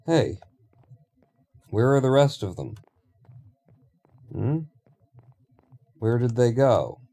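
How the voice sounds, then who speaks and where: A man's voice: fairly low pitch, warm tone. A man streaming a building game, rambling and thinking aloud in casual talk with offhand swearing.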